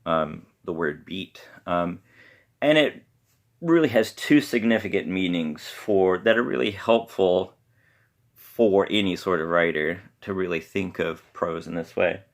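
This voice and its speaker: A man's voice: low-pitched, measured pace. A man hosting a podcast, lecturing in a loose, rambling way with many hesitations and self-deprecating asides. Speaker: podcast host.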